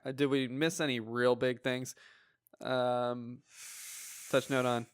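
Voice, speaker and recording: A man's voice: mid-range voice, little pitch movement, slow pace, clean tone, no room sound, studio quality. A man co-hosting a casual film review podcast, easygoing and jokey. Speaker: podcast co-host.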